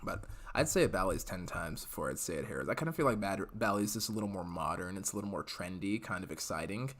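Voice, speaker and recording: Young male podcast host, casual live chat, slightly low voice, rambling delivery. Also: lively intonation, fast talker, a bit bright. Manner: chatty, rambling, with frequent fillers and laughs.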